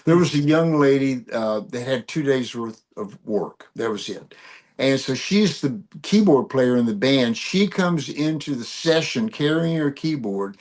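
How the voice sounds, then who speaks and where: Older guy spinning stories in an interview, lively, chuckles a lot. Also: medium pitch, a little slow. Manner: animated storyteller, laughs often. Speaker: guest musician. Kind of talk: storytelling interview.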